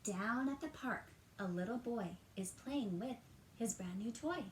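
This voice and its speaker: During a storytime at home, a teacher reads a picture book to small children with animation, elongating words and quizzing them. Her voice is fairly high, and the poor audio has room echo and slight background noise.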